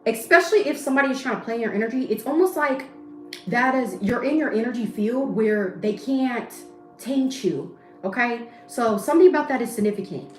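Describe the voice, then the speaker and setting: A woman's voice: a little high, animated, a little fast. A woman giving a casual tarot reading to camera, blunt, slangy and profane. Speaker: tarot reader. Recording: echoey room with faint music.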